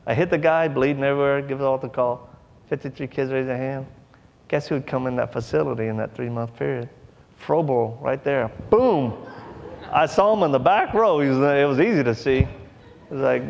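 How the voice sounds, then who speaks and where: A man's voice: mid-range voice, normal speed, gravelly, in a large hall, muffled recording, a little hiss or hum. A man preaching a sermon, telling a story in a folksy way and acting out the voices of the people in it. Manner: animated, acts out voices in his stories; folksy, drawling informal speech.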